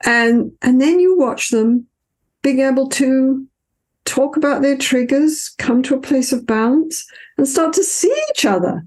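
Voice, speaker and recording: An older woman, a couples therapist, telling stories in an interview in a warm, anecdotal way with many fillers and restarts. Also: high-pitched, unhurried. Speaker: couples therapist, podcast guest. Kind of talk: reflective interview storytelling.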